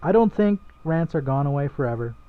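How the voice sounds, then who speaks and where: A man's voice: on the high side, lively intonation, fairly quick. A young man co-hosting a casual gaming podcast, playful and teasing. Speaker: podcast co-host. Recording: tinny phone-like line.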